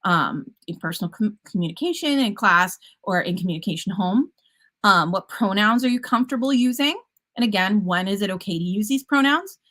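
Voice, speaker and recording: A woman teacher speaks at a conference presentation in an upbeat, chatty way. She jokes with light puns as she walks through her classroom methods. Her voice sits at an ordinary middle pitch for a woman. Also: expressive, brisk, fairly bright tone.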